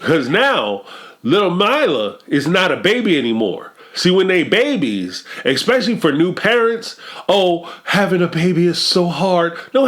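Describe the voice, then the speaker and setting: Man, high voice, emphatic storyteller for reality-show commentary. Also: a bit bright. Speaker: commentary vlogger.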